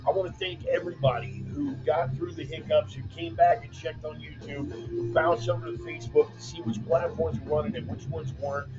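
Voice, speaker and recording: This host of a weekly online commentary show talks loosely and jokes as he reads viewer comments, calling people "man" and "brother." His fairly high voice moves fairly quickly with fairly even intonation. Bumper music sits under the dull, lo-fi laptop-mic sound.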